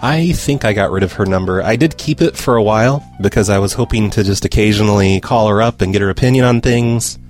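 A man with a fairly low voice hosts a podcast and answers listener voicemails. His talk is casual, dry and sarcastic, and he teases his callers. Faint music plays behind him. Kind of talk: casual chat.

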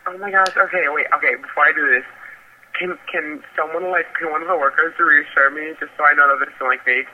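A man's voice: on the high side, steady tone, fast, a little hiss or hum. A man on the phone as a store employee, nervous and doubtful, asking question after question. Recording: tinny phone line.

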